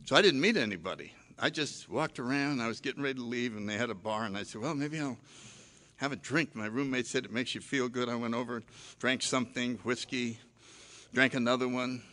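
An older man telling a personal story about his drinking, animated and self-mocking, acting out his own past lines. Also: medium pitch, brisk.

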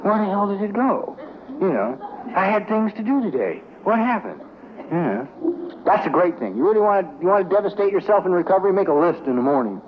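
A man's voice: high-pitched, sing-song, fast talker. Wry man speaking at a recovery meeting. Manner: rambling, colloquial, wry. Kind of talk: humorous storytelling talk to a group. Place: large meeting room with a crowd. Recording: dull lo-fi recording with faint noise.

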